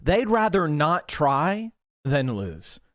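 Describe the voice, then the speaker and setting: A man on a livestream rants with angry, profane emphasis. His voice sits high for a man and swings widely up and down as he hammers each point. The sound is close and dry, with no room around it. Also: big pitch swings, takes it slowly, no room sound. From Pennsylvania. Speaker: political livestream host. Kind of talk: heated livestream rant.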